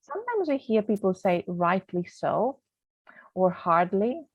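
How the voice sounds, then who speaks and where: A woman's voice: medium pitch, sing-song, unhurried, husky, no echo. A woman teaching a grammar lesson over slides in a chatty way, with many ums, sometimes losing her thread. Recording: tinny phone-like, dry sound.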